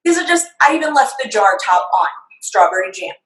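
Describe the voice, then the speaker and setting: A woman's voice: medium pitch, big pitch swings, a little fast, a bit bright. A woman chef chatting through a live cooking demonstration, laughing often and explaining measurements step by step. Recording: roomy echo, far from the mic.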